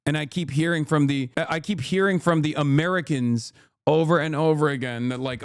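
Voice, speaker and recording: A man hosting a live stream, giving heated political commentary to his chat. He rants with constant profanity and drops into quick apologetic asides. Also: on the high side, smooth, no room sound, studio quality. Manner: profane, loud ranting, swings into apologetic asides.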